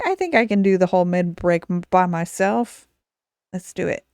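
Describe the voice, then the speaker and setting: A woman's voice: on the low side, moderate pace, darkish tone, smooth, no room sound. A woman hosting a casual podcast, chatty and laughing often. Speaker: podcast host.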